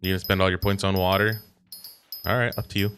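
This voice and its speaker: A young man chatting on a casual livestream, swearing freely and bantering in an animated way. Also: sits low, fast talker, a little hiss or hum. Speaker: streamer.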